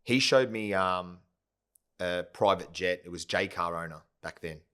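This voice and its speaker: Deep-voiced man telling stories. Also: unhurried, bright, forceful tone, smooth. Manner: rambling, full of "yeah?" and "right?" tags. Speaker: podcast guest, company founder. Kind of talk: casual storytelling interview.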